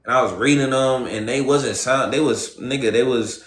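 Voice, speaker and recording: A young male streamer telling a storytime to his live chat. He talks in loose, profane street slang at a mid pitch and addresses viewers directly, and the sound has a noticeable room echo. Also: moderate pace. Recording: roomy echo.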